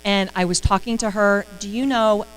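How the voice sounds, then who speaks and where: A woman's voice: medium pitch, steady tone, moderate pace, a little hiss or hum, poor audio. Earnest woman sharing a heartfelt story. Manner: earnest, heartfelt, near tears. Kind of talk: encouraging story in a live stream talk.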